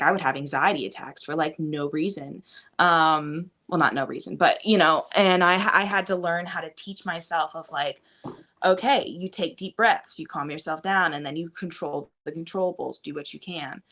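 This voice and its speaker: A woman's voice: on the low side, a bit bright. A young adult woman talking casually as a podcast guest, rambling with many fillers. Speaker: guest, fitness coach and mother.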